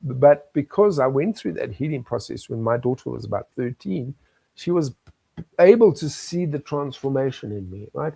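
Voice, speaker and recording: Gravelly older South African man. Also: mid-range voice, lively intonation, normal speed, mellow, dry recording, low-quality recording. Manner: earnest, storytelling, chuckles often. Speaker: guest. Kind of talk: candid interview talk.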